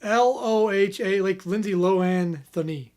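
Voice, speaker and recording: A man's voice: sits high, unhurried, a little mellow. A man co-hosting a comedy podcast, reading out fan questions in an easygoing way with many fillers. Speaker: podcast co-host. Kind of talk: casual comedic chat.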